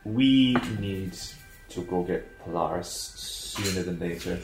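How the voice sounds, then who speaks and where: A man's voice: sits low, a little slow. A man playing a tabletop game, speaking earnestly and decisively. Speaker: player. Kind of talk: casual tabletop play. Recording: echoey room with music behind.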